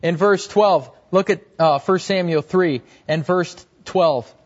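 A man's voice: high voice, slow pace. A young man preaching a sermon earnestly, repeating key phrases and letting his voice drop at the end of each point. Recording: dull, lo-fi recording.

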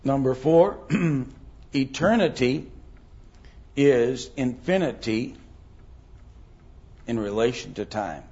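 A man's voice: medium pitch, slow pace, long pauses, a little mellow, muffled recording. A middle-aged man teaching a Bible class, thinking aloud with many ums and rhetorical questions.

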